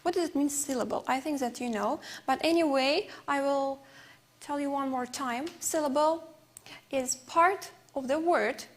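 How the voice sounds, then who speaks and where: Her voice is high-pitched as she leads an English class on TV. A non-native speaker with Uzbek as her mother tongue, she goes slowly, giving example after example with plenty of fillers.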